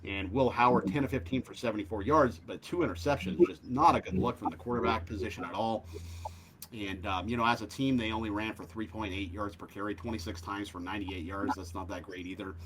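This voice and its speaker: Lowish-voiced man talking sports bets. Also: a little fast, crowd noise, rough recording. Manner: animated, lots of fillers. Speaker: sports betting show host. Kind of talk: casual betting talk.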